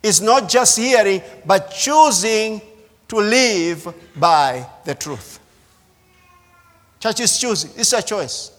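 Slow, high-voiced preacher man in a hall. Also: expressive, a bit bright. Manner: slow, emphatic preaching with repeated phrases. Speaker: pastor. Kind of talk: sermon. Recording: reverberant hall.

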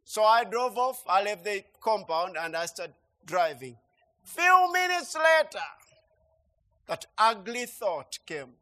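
High-voiced guy preaching a sermon, emphatic, says things twice, quiet then loud. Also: expressive, measured pace. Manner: emphatic, repetitive, swings between quiet and loud.

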